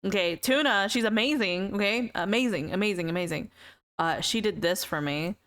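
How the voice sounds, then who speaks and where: A young woman livestreamer chats casually with her viewers, giggling often between sentences and repeating words. Her voice is mid-range and fairly bright, at a normal speed.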